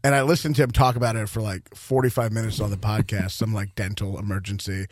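A man's voice: lowish voice, fairly even intonation, quick pace, dry recording, studio quality. A young man from Louisville, a comedian guest, chatting casually in a radio interview and rambling through stories with fillers and laughs. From Louisville, Kentucky.

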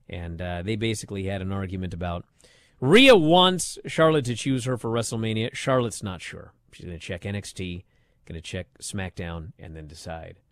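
A man hosting a radio talk show, recapping events in a rambling way and often trailing off low at the ends of his sentences. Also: no room sound, studio quality.

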